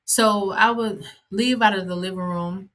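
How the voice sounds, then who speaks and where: A woman's voice: mid-range voice, steady tone, measured pace, a bit bright. A woman who hosts a podcast and is an ordained minister, telling a personal story in a conversational way, with many fillers and asides.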